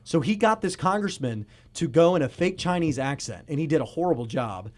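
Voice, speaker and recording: A young man in his early twenties hosts a relaxed podcast chat. He tells stories with animated energy and frequent laughter, his voice sitting a little on the high side. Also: fairly quick. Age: early 20s. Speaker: podcast host.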